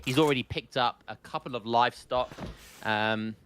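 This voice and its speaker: A man casting a live strategy game, excitable and joking, with frequent restarts. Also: medium pitch, moderate pace, slight background noise. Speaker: esports caster.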